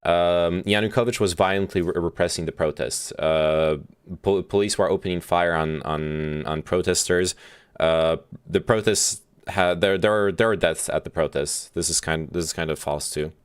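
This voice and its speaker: A man with a low, smooth, resonant voice talks through a played speech as a stream host. His casual commentary is halting and full of fillers and restarts as he works out his thoughts aloud. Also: fairly even intonation.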